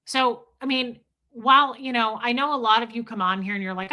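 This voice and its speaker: Blunt bright-voiced woman streamer. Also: fairly high pitch, brisk. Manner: blunt, profane, confessional. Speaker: livestream host. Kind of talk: casual livestream talk with chat shout-outs.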